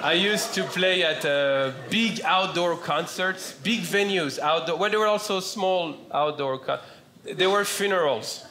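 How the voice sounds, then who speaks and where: French-accented man, slow deadpan comic. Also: high voice, a crowd in the background. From France. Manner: deadpan punchlines with slow deliberate delivery. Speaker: stand-up comedian. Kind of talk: stand-up comedy. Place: comedy club stage with laughing audience. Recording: roomy stage sound with loud audience laughter.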